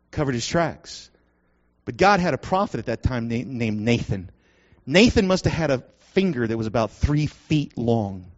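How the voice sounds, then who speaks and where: A man preaching a sermon, swinging dramatically between hushed and loud. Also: high-pitched. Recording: lo-fi muffled recording.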